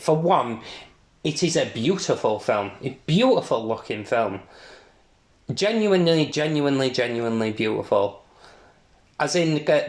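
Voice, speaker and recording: A man's voice: a little high, roomy sound. A man co-hosting a podcast, chatting about films with rambling enthusiasm and frequent laughter. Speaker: podcast co-host. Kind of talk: casual film chat.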